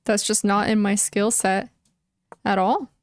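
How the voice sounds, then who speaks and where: Slow-talking young woman chess streamer. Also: medium pitch, steady tone, no echo, clean studio sound. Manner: emotional, talks to her chat, frequent "like" fillers. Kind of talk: casual live-stream chat.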